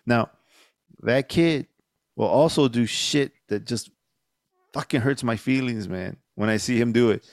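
A middle-aged man with a gravelly voice chats loosely on a podcast, swearing freely and getting animated as he tells stories. The sound is close and dry. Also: medium pitch, measured pace, pauses often, dry recording. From Mexican-American. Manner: profane, animated storytelling. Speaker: podcast host. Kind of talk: casual chat.

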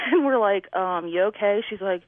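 A woman's voice: medium pitch, lively intonation, moderate pace. A woman calling in, animatedly telling a story and acting out her neighbors' lines. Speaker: caller. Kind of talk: casual storytelling on a call. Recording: tinny phone line.

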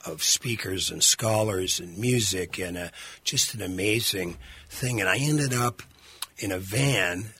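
A man hosting a radio show, telling stories in a casual, animated way and laughing often. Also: on the low side, a little slow, breathy edge, dry recording. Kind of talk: casual storytelling conversation.

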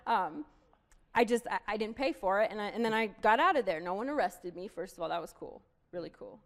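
A woman's voice: medium pitch, animated, a little fast. A woman in a casual chat, openly telling her own recovery moments with small laughs at herself. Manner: candid, self-deprecating, thinks aloud.

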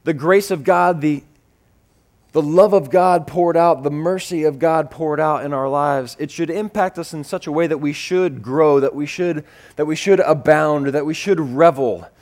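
A man preaching with a slightly higher-than-usual voice, animated and building through repeated phrases. He mixes teaching with storytelling and puts on voices for the people in his stories. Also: normal speed. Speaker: pastor. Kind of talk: sermon with personal storytelling.

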